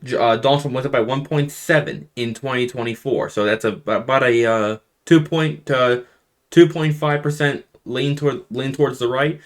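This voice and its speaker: A young man walking through an electoral map in a loose, conversational way. He trips over his own sentences and restarts them, then pushes his voice up to stress each surprise. His voice sits at an ordinary middle pitch for a man. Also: moderate pace. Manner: rambling, restarts sentences, animated emphasis. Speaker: political commentator. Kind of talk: casual election map analysis.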